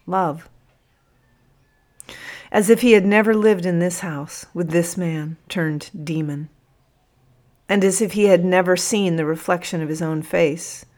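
Low-voiced woman narrating an audiobook. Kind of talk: first-person audiobook narration.

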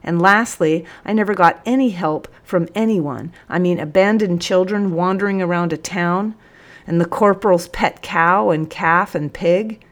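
Lady doing a big blustery guy, stammers then argues loud, storybook. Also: on the low side, moderate pace, lightly acted. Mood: defiant. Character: blustering burly man caring for boys.

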